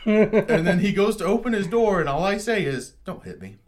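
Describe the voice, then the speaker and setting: A man's voice: high-pitched, lively intonation, moderate pace. A young adult man telling a story in casual podcast chat, rambling, profane and self-mocking. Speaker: podcast co-host.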